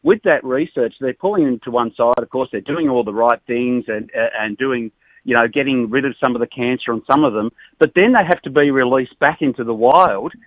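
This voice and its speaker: A man's voice: mid-range voice, a little fast, no room sound. An Australian man, a local radio presenter, chatting and laughing easily on a phone call into a live stream. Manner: chatty, laughs often, easygoing. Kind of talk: casual chat on a phone call. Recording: tinny phone line, dry.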